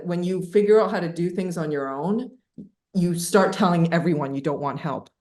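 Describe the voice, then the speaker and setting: A woman's voice: lowish voice, normal speed. Chatty woman guest, echoey room. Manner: animated, laughing, many fillers. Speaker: podcast guest. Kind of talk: casual storytelling interview.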